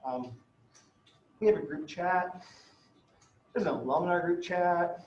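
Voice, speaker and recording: Male law lecturer, loose and chatty, fairly high voice, echoey dull classroom sound. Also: slow, a little mellow, slight background noise. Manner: chatty, filler-heavy, swears, checks in with "right?". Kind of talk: casual classroom lecture with anecdotes.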